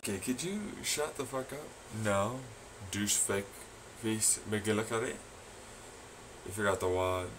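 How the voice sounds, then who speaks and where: A man ranting in a sarcastic, scornful, profane monologue, swinging between muttering and loud shouting. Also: on the low side, measured pace, long pauses, background noise. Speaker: vlogger.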